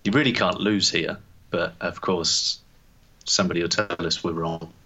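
A man's voice: deep voice, steady tone, normal speed, pushed and bright, muffled recording, slight background noise. A man co-hosting a podcast in casual sports chat, teasing and laughing easily. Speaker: podcast co-host.

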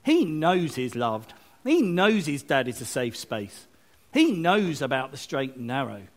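A man giving a lively, chatty sermon with asides and self-mocking jokes. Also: mid-range voice, measured pace. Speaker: preacher. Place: church service, streamed online.

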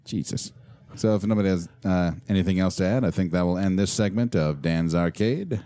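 Deep-voiced man co-hosting a podcast. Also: fairly quick, very noisy. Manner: profane, laughing banter. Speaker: podcast co-host. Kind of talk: casual podcast chat.

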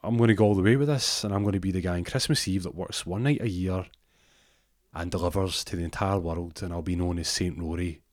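A man's voice: sits low, steady tone, brisk, a little mellow, no room sound, studio quality, natural voice. A man voicing a deluded stoner man who believes he is Santa, talking in a rambling, grandiose way.

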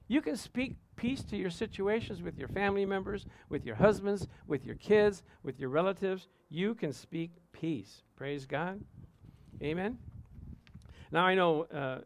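A man's voice: a little high, dry recording. A man preaching as a pastor, telling personal stories and calling out to the congregation for an amen. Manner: animated storytelling, asks congregation "Amen?".

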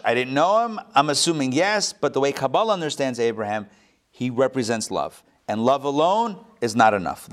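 A rabbi giving a live Torah class, animated, with joking asides and quick self-corrections. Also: male voice, medium pitch.

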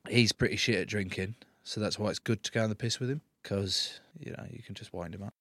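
A man's voice: lowish voice, steady tone, a little fast, fairly bright tone, no echo. A man in his thirties with a southern English accent, a guest in a studio interview, bantering cheekily with mock indignation and swearing freely. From England. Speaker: interview guest, rugby player.

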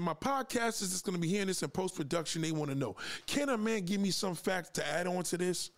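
A man's voice: sits high, lively intonation, fairly quick, few pauses. Fired-up, cursing man on a podcast. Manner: confrontational, profane, lecturing; asks listeners to push back. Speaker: podcast host. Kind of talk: livestream podcast rant.

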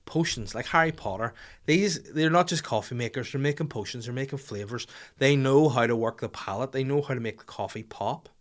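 Animated man telling stories. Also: mid-range voice, a little fast. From Northern Ireland. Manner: animated, profane, acts out voices in anecdotes. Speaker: podcast host. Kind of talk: comic storytelling chat.

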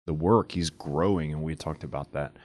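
Low voiced guy on a faith podcast, chatty, agrees a lot, thinks out loud, dry sound. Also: moderate pace, no room sound. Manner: affirming, chatty, trails into restarts when thinking aloud. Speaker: podcast co-host. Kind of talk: casual faith podcast chat.

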